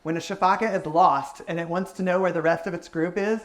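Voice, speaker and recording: A man's voice: high-pitched, fairly even intonation, brisk, fairly bright tone. A man giving a public science talk, answering audience questions in an enthusiastic, explanatory way.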